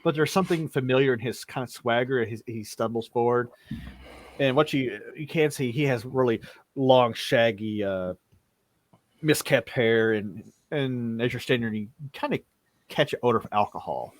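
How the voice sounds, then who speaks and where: A man's voice: medium pitch, normal speed, dry recording. A man narrating a tabletop game as game master, often stumbling and repeating words.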